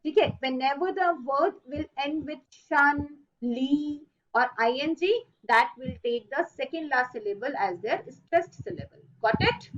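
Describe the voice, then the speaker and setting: High-voiced woman teaching online. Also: fairly bright tone, dull audio. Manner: repeats rules slowly, drawing out key words. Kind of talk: online class lecture. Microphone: online video call.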